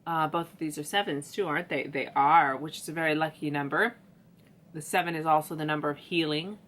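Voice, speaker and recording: A woman's voice: low voice, fairly even intonation, brisk, fairly bright tone. A woman giving a casual tarot reading, chatty and slangy, talking straight to her viewers. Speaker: tarot reader.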